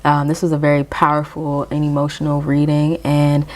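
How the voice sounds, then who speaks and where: A woman's voice: deep voice, monotone. A woman giving a casual tarot reading to her viewers, encouraging them and checking in with "okay?" as she goes. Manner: encouraging, addresses viewers directly with frequent "okay?"; reads aloud from a guidebook in slow measured phrases. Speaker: tarot reader.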